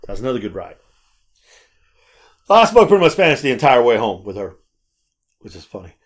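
A man telling stories in a casual chat, animated and swearing freely. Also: medium pitch, a little fast. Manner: animated storyteller, acts out quotes, swears freely. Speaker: podcast co-host.

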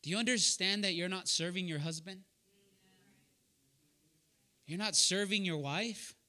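Man, sermon, high voice, very bright and forceful, earnest personal storytelling. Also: measured pace. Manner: calls on listeners by name and asks them questions. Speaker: preacher leading a young adults Bible study.

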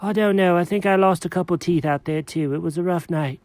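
A man's voice: high voice, a little fast, no room sound. A man voicing a hyperactive, sugar-crazed male cat who keeps calling people "dog". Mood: rambling. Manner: excitable, calls everyone dog.

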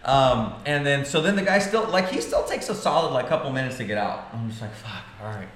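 A man in his thirties, a podcast co-host, telling a story in casual chat, animated and profane, acting out the dialogue. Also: mid-range voice, a little fast. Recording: echoey room with faint noise.

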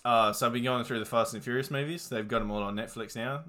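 Fast, bright, and forceful, a young man's mid-range voice stays fairly even in intonation as he chats about films. His casual movie review is laid-back and meandering, packed with fillers and curse words.

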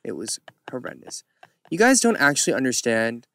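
With huge swings in pitch, a man in his thirties chats through stories on his podcast, laughing often and shifting into quoted voices. His mid-range voice is creaky, bright, and forceful, and he keeps a moderate pace.

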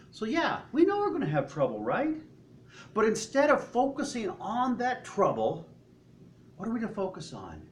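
A man's voice: sits high, huge pitch swings, normal speed, slight background noise. A man preaching a sermon to his congregation in a church, in a conversational way, asking rhetorical questions. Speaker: pastor.

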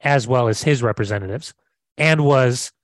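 A man's voice: medium pitch, normal speed, dry recording. Brash man on a football podcast. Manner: brash and emphatic, with casual swearing. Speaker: podcast co-host. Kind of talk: casual football podcast chat.

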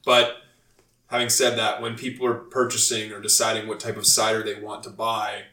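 A man's voice: lowish voice, moderate pace. A man hosting a podcast, chatting casually and talking through his opinions with hedges. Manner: relaxed, rambling opinions with hedges. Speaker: podcast host. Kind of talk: casual chat. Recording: roomy echo, distant from mic.

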